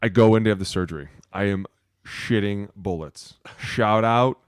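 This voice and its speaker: A man's voice: fairly low pitch, normal speed, smooth, no echo, studio quality. A man co-hosting a podcast, telling a profane, rambling story in casual banter. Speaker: podcast co-host, former offensive lineman; youth football coach.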